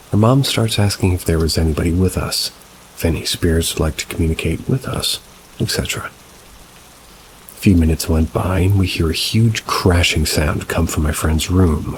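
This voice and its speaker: A man reading reader-submitted paranormal stories as scripted narration, at a slow, measured pace. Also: deep voice, noisy background. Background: rain.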